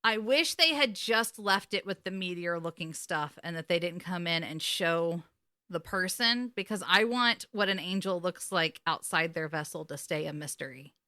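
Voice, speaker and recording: Woman, bright forceful voice, dry close sound, emotional swearing recap. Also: on the low side, moderate pace, no room sound. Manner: emotional, swearing, animated retelling. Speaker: podcast co-host. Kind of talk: casual recap chat.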